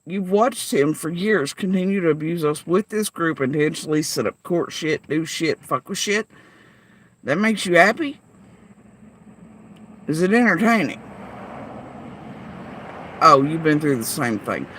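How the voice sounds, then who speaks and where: A woman's voice: deep voice, moderate pace, few pauses, husky. A woman vlogger in a heated livestream rant, cursing freely and firing confrontational rhetorical questions at her chat.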